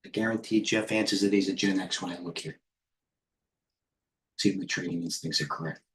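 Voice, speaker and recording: A man's voice: low-pitched, steady tone, fairly quick, a little hiss or hum. A man, hosting a live trading stream in brash, rambling commentary that reads out chat and lets slip swear words. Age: 50s. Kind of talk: casual live market commentary.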